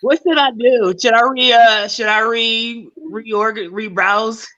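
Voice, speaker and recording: Bright-voiced woman doing loose stand-up on a call. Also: fairly high pitch, steady tone, slow pace, dull audio. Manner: rambling, laughing, swearing, loose and playful. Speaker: stand-up comedian. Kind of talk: casual stand-up on a video call. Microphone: video call.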